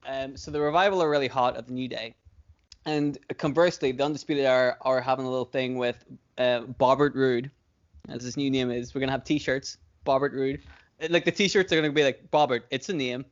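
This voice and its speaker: Male podcast co-host, mid-pitched, rambly and profane, laughs a lot; dull lo-fi recording. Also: fairly even intonation, brisk. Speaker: podcast co-host booking wrestling shows. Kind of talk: casual chat.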